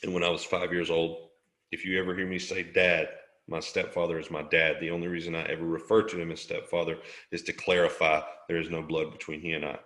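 Guest, middle-aged man, low and forceful voice, casual jokey storyteller. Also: fairly quick, roomy sound. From Alabama. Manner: animated, jokey storyteller who laughs often. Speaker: interview guest.

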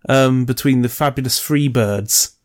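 Male co-host, casual and sweary, rambles through movie trivia, mid-pitched voice. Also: a little slow, a little mellow. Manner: rambling, sweary, enthusiastic about film trivia. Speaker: podcast co-host. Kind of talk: casual chat.

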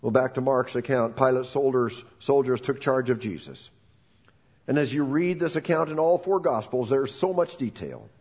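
A man's voice: medium pitch, normal speed, darkish tone, breathy edge. A man preaching a sermon as pastor, retelling the story dramatically and acting out the quoted voices.

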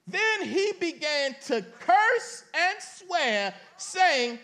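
High-voiced man preaching with bursts of shouting. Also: sing-song, measured pace. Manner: preaching with dramatic rises and shouts, reading scripture aloud; colloquial, addresses the congregation directly. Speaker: pastor. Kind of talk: sermon.

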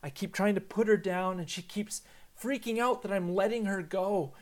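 A man in his thirties, a pastor, preaching a sermon in an earnest storytelling manner and slowing down for emphasis. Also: sits high.

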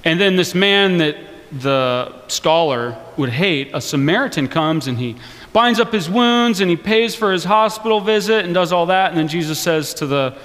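A man with a high voice preaches a sermon in a big hall that rings with reverb. He talks loosely and with humor, like a chat with the congregation. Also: moderate pace. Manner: conversational and joking, animated. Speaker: pastor. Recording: long reverb of a large hall.

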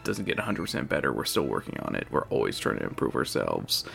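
A man's voice: extremely low pitch, wildly swooping pitch, fast, gravelly, fairly bright tone. A man giving a loose, chatty intro to his podcast, correcting himself as he goes. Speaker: podcast host. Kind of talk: casual spoken intro. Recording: faint music behind voice.

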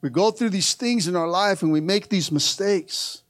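A middle-aged pastor delivers a sermon, swinging between quiet asides and loud rallying shouts while joking with his congregation. His voice is high and his pace normal, with no room sound.

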